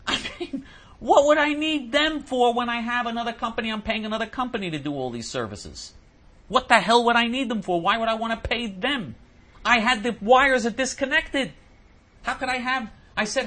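Indignant, lively-voiced male host. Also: very high voice, normal speed. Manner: indignant, stammering repeats. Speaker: host answering listener questions. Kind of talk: ranting monologue.

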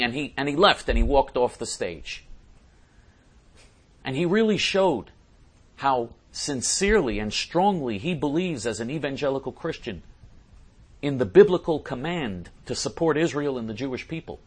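A man giving a political commentary monologue, emphatic and repetitive, who often clears his throat. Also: medium pitch, lively intonation, moderate pace.

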